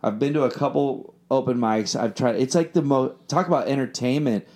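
A man's voice: medium pitch, a little fast, a little mellow. A man in a casual chat, talking about filmmaking and his songwriting with loose, rambling storytelling full of fillers and restarts.

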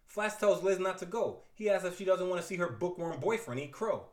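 A man retelling a classic comic book story with playful asides and quick put-on voices for the characters. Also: high-pitched, roomy sound. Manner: lively, playful, theatrical asides.

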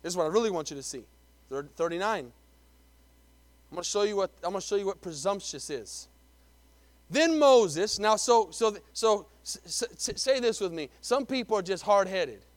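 A man preaching from the pulpit. His voice sits very high for a man, and he swings between loud, punchy lines and quiet, hushed asides, often repeating words as he builds his point. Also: lively intonation, normal speed, no echo. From Texas. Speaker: pastor. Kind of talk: sermon.

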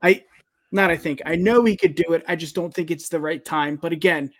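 Male co-host, fairly high pitch, upbeat casual podcast banter with hype-man energy. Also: fairly quick. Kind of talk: casual wrestling podcast chat.

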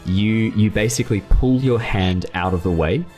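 A very deep-voiced man runs a tabletop game as game master. He narrates and rules in a loose, rambling way, full of fillers. Faint music sits under his voice. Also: moderate pace, darkish tone.

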